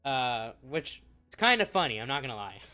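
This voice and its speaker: A man's voice: mid-range voice, sing-song, normal speed, music in the background. A man doing commentary, reading messages aloud in a mocking tone and swearing freely. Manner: profane, sarcastic, laughing often. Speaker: commentary YouTuber.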